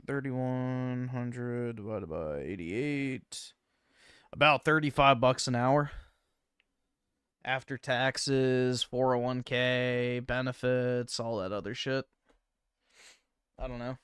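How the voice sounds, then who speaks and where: A man hosting a livestream, chatting casually with viewers and swearing freely, trailing off into low mumbled asides. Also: slow, fairly bright tone, clear, resonant tone, no echo, studio quality. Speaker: livestream host. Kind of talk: casual stream chat.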